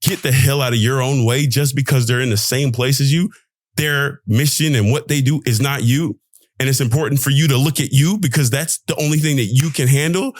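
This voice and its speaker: A man's voice: dry recording, studio quality. Emphatic young man on a podcast. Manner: emphatic, preachy, slangy, swings pitch widely. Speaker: podcast host, pro basketball player. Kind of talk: motivational podcast monologue.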